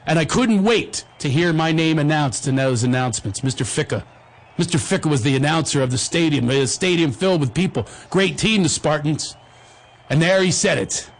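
A middle-aged man hosting a talk show, telling a comic story in an animated, jokey way. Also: fairly high pitch, moderate pace. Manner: animated, jokey storyteller who acts out the voices. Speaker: host.

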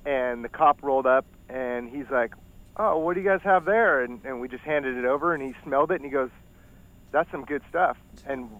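A man's voice: mid-range voice, fairly quick, phone-quality sound. Male guest, chatty and amused, casual call-in. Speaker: musician guest on phone. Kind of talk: casual phone interview.

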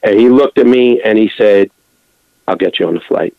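A man's voice: lowish voice, moderate pace, gravelly, no echo. A man calling into a podcast, chatty and telling a story. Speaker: caller. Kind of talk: casual phone call. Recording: dull phone line.

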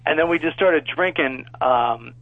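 A man's voice: on the high side, measured pace, no room sound, phone-quality sound. A man in his thirties casually telling a rambling, profane story on a podcast, laughing along as he goes. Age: 30s.

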